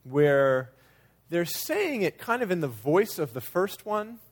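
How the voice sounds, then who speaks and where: A man's voice: on the high side, big pitch swings, slow pace. A man preaching a sermon in a conversational way, sometimes acting out quoted lines with changing emphasis. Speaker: pastor.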